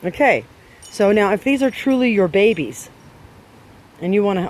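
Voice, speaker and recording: A man's voice: high-pitched, very animated, normal speed, pauses often. A man giving dog owners blunt training advice, emphatic and scolding, with many rhetorical questions.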